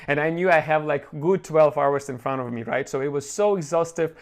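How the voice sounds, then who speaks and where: A man's voice: fairly high pitch, brisk. Earnest man telling a motivational story. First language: not English. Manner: earnest, emotional, many fillers, addresses viewers as guys. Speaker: online course host.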